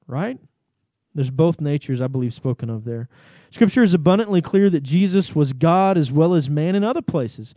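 Animated male preacher, dry close sound. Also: dry recording. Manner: animated, rises in pitch for emphasis, asks "right?". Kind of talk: sermon, scripture reading.

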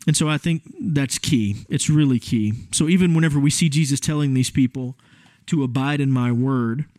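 A man's voice: mid-range voice, normal speed, a little mellow, dry recording. Dry, conversational preaching man. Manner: conversational, emphatic preaching with asides to the congregation. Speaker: pastor. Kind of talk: sermon.

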